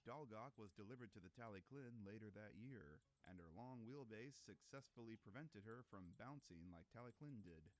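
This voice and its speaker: A man reading scripted narration in an informative, measured way. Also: on the low side, expressive.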